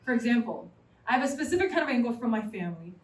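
Young woman from New York City, lively joking preacher, bright high voice, echoey hall. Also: racing. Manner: animated, chatty, jokes with the audience. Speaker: preacher at a college fellowship. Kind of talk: sermon. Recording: roomy sound from a distant mic.

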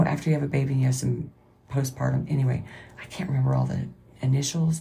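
Lady podcaster going off on faith stuff, mellow dark voice, catches herself and restarts a lot. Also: very deep voice, creaky. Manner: rambling, self-correcting, emotional. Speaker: podcast host. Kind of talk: rambling faith-based monologue.

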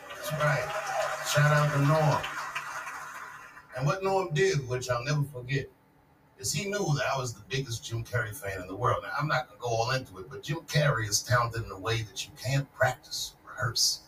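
A man in his forties does stand-up in a large live venue, telling loose, profane stories that build to punchlines. His medium-pitched voice is lively, a bit bright, and moderately paced. The distant mic picks up venue echo and audience noise.

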